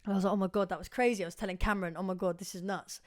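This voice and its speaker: A young woman co-hosting a podcast, telling stories in a chatty, animated way and swearing freely. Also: mid-range voice, racing. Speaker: podcast co-host. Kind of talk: casual chat.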